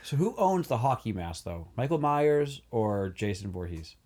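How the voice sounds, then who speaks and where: A man co-hosting a podcast in relaxed, casual conversation. His pitch is middling but moves up and down a lot. He talks earnestly and spells out his points in detail. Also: moderate pace. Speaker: podcast co-host. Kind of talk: casual chat.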